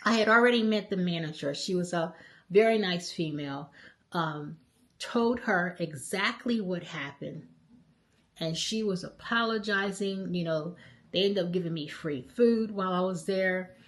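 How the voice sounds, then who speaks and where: A middle-aged woman vlogger recounting a trip to camera in an animated, emphatic way, often checking in with "okay?". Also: lowish voice, measured pace. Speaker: travel vlogger. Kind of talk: casual storytelling to camera.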